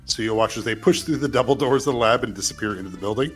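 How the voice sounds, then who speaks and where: A man's voice: mid-range voice, racing, soft background music. A man narrating as game master of a tabletop game, playful and laughing often as he describes the scene.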